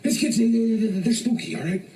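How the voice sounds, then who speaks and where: A fed-up vacationing dad. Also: male voice, very high-pitched, a little fast, dark tone. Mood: sarcastic ranting. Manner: ranting, sarcastic complaining. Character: exasperated middle-aged family man on vacation. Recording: distant film audio with background noise.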